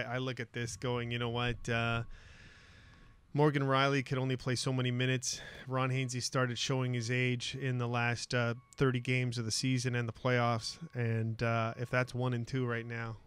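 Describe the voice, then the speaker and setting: A man on a sports talk show arguing a hockey point, excitable and stumbling over his words as he presses it. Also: mid-range voice, moderate pace, clear, resonant tone. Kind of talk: hockey debate.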